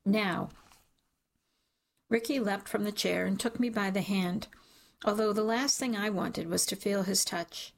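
Woman narrator, gravelly voice, measured dramatic reading, audiobook. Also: mid-range voice.

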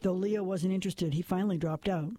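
A man's voice: high voice, steady tone, brisk, mellow, no echo. Man voicing a young pregnant barmaid. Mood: tense, defiant.

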